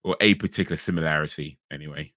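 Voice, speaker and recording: A man's voice: a bass voice, racing, sharp tone, dry recording, studio quality. A man from England chatting casually with his stream viewers, rambling with lots of restarts and small laughs. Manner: rambling, frequent restarts and fillers, laughs easily. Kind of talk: casual live-stream chat.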